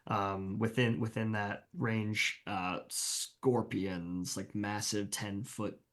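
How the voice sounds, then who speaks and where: Low-voiced man rambling through his turn. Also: takes it slowly. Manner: rambling, lively description, fillers. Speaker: player. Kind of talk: tabletop role-play, casual.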